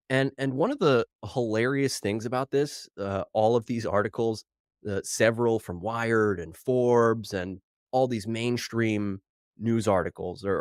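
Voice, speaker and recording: A man hosting his own podcast solo, talking in an animated, worked-up way and slightly out of breath from too much coffee, mocking the headlines he reads. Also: fairly low pitch, no echo, clean studio sound. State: over-caffeinated, slightly out of breath. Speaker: podcast host.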